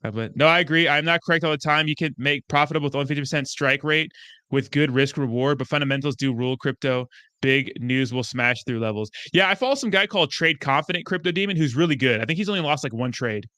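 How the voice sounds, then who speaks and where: A man hosting a crypto livestream, answering his chat in a profane and excitable way. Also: a little high, quick pace, no room sound, studio quality. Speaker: crypto YouTuber host.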